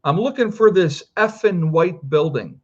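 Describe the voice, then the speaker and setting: A man's voice: high voice, animated, a little slow, husky, muffled recording, voice pushed up, full character voice. A man quoting an erratic, insistent stranger. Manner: insistent, repetitive. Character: agitated erratic male stranger at a gas station.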